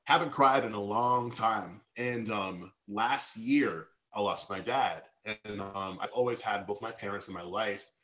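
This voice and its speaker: A man's voice: on the low side, measured pace, hardly any pauses, fairly bright tone. A man as a podcast guest, speaking candidly and reflectively about personal feelings, with many fillers and restarts.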